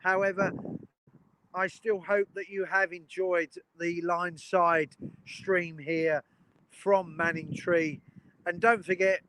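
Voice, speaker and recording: High-voiced chatty male train streamer. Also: flat delivery, slow, fairly bright tone, slight background noise, poor audio. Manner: chatty and enthusiastic, greets viewers by name. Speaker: train spotting live streamer. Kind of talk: casual live-stream commentary. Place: outdoors beside a railway line by a river.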